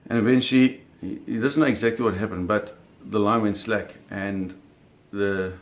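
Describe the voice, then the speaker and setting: A man with a fairly low voice, fairly even intonation, and normal speed shares a personal story recalling shark hunting. It is a vivid, casual spoken anecdote with acted-out sounds, frequent self-corrections, and repeated words.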